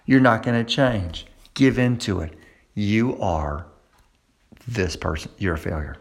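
A man voicing Satan as a sly male tempter, speaking low and hushed. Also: a little slow, gravelly. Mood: taunting.

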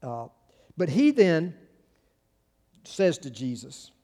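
A man preaches to his congregation in an earnest, halting way, restarting his phrases and then pressing hard on key words. His voice sits a little high for a man. The sound carries a long reverb from a church hall. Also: sing-song, mellow. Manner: earnest, halting with many restarts, builds to emphatic peaks. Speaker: pastor. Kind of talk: sermon.

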